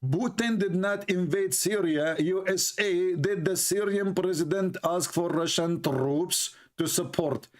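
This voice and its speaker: A man's voice: high voice, a little slow, few pauses. A man who does not speak natively, hosting a livestream and mocking a played clip with sarcastic, repeated rhetorical questions. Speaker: livestream host.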